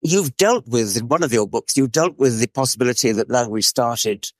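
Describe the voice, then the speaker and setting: A man hosts a casual chat, speaking at medium pitch and a moderate pace with no echo. He sounds hesitant, often repeating words while he thinks.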